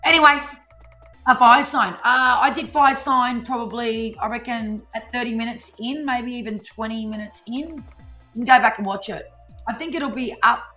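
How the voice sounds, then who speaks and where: Bright-voiced Australian woman, chatty. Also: on the high side, steady tone, moderate pace, faint music behind. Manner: chatty, teasing, laughs often, Aussie slang. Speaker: co-host of a live tarot reading stream. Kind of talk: casual live-stream chat.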